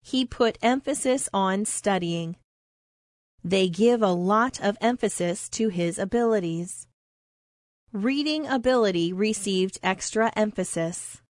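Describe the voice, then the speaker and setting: A woman reading a vocabulary word, its definition and example sentences in an even, deliberate way, like a language-lesson recording. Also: medium pitch, no echo, clean studio sound. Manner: slow, deliberate, evenly paced reading. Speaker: vocabulary teacher.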